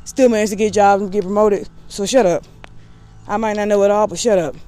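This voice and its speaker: A woman's voice: mid-range voice, fairly even intonation, a little fast, mellow, faint music behind. A woman vlogger in casual talk to camera, candid and rambling with a sassy edge.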